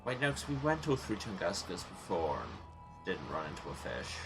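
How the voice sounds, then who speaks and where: A man's voice: deep voice, big pitch swings, normal speed, creaky, over music. A man hosting a let's play, giving chatty, self-mocking gaming commentary from a small sealed room and muttering to himself as he plays.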